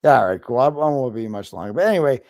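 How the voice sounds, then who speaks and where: Lively swearing man on a video call. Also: medium pitch, racing, no echo, clean studio sound. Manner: animated storytelling, frequent swearing. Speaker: guest. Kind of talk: casual chat.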